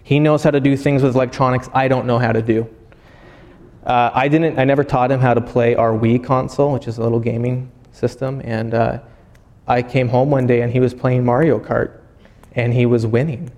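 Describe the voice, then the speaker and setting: A man's voice: medium pitch, moderate pace. Man preaching in an echoey hall. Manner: animated storytelling with acted-out voices. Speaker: pastor. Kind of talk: sermon.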